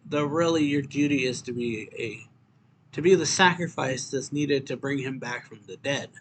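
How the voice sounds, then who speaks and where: A man's voice: mid-range voice, moderate pace, a little hiss or hum, lightly acted. A man reading the lines of a cold, impatient figure who snaps out threats. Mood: curt. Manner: curt, dismissive threats.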